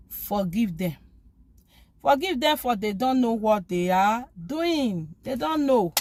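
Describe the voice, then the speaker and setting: A woman's voice: medium pitch, darkish tone. A woman giving an informal spoken talk urging forgiveness, pleading and emphatic, often repeating phrases. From lives abroad, from back home elsewhere. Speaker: faith vlogger.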